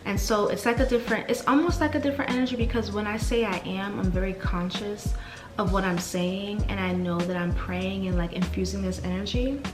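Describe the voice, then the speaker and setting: A woman hosting a podcast, reading soft repeated affirmations and then chatting casually and excitably. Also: mid-range voice, brisk, reverberant, music in the background. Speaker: podcast host. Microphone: desk mic with camera.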